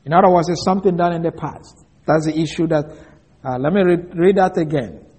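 A pastor preaching an expository sermon, slowing down and stressing key words as he explains a verse. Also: a little high, a little mellow, slightly rough. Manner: slow, deliberate emphasis on key words.

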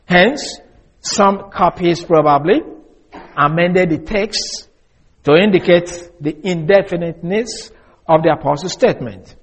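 A man preaching an expository Bible teaching, measured and deliberate, slowing down to stress key words. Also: high voice, husky. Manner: measured, deliberate, with restarts and slow emphasis.

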